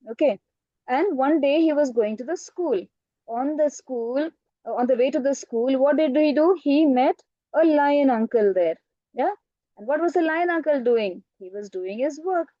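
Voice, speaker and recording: A high-voiced woman teacher tells a children's story and keeps quizzing her listeners. Her tone is mellow, and the online call audio is dull and dry. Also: no echo. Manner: asks the class questions, frequent "right?" and "okay".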